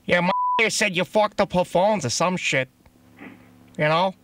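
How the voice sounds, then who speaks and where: A man's voice: high voice, a little slow. A man making a prank phone call, talking crudely and rambling, full of profanity and chuckles. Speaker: prank caller.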